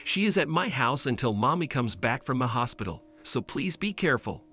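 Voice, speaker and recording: A man's voice: medium pitch, big pitch swings, normal speed, a bit bright, breathy edge, faint music behind, heavily acted. A man voicing a sweet, sad little girl who talks in an earnest, pleading way.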